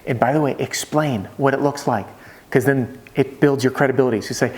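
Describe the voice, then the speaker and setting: A man coaching salespeople in a casual, energetic way, acting out quick exchanges with homeowners. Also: medium pitch. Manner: punchy, conversational, acts out dialogue with homeowners. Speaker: sales trainer for roofers. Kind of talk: energetic sales training talk to camera.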